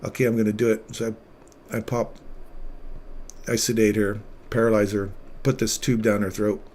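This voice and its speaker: A man hosting a casual livestream, once a paramedic, talking with earnest feeling and sometimes dropping his voice very low. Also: little pitch movement, normal speed, darkish tone. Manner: earnest, emotional storytelling, drops to near-whisper at tender moments. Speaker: livestream trading host, former paramedic.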